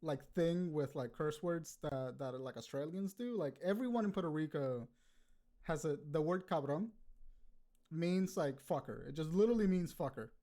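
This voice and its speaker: A man's voice: fairly high pitch, animated, moderate pace, dark tone. A man co-hosting a podcast in loose casual chat, swearing freely and laughing often. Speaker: podcast co-host.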